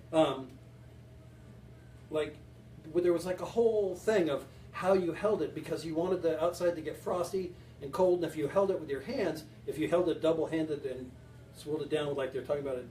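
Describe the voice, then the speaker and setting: Joking and rambling, a home bartending show host chats with viewers as he mixes a drink in a casual cocktail demo. His voice is high for a man and a little mellow. He sounds distant from the mic in a roomy, echoing space, with faint hiss behind him.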